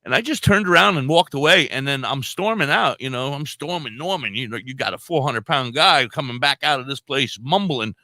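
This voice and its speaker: A man's voice: mid-range voice, fairly quick, few pauses, no echo. A man co-hosting a podcast, telling a rambling, profane story and acting out what people said. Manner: profane, animated storyteller who acts out quotes. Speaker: podcast co-host. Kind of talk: casual storytelling chat.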